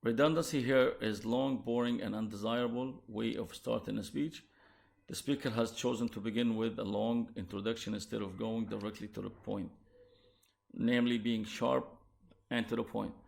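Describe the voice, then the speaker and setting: Gravelly-voiced male lecturer with an Arabic accent. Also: fairly low pitch, fairly even intonation, darkish tone. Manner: measured, explanatory, with restarts. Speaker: university lecturer. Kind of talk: recorded lecture on translation.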